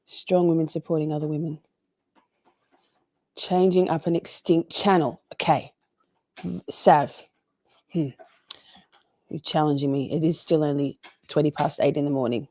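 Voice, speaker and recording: Aussie woman streamer chatting to viewers, lowish mellow voice. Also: steady tone, measured pace, pauses often, no room sound. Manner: chatty, greets viewers by name. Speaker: livestream host. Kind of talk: casual livestream chat.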